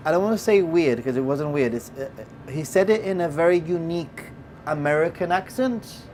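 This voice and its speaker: A host from Gibraltar telling a story in casual chat, turning loud and excited as it goes. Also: medium pitch, brisk, a little hiss or hum. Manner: animated, gets loud and excited when retelling.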